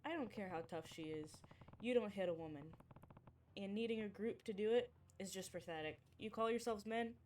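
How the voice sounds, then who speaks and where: A woman's voice: medium pitch, fairly quick, a little mellow, a little hiss or hum, natural voice. A woman voicing a stoic, chivalrous young male street fighter in a video game. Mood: stern. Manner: blunt, terse.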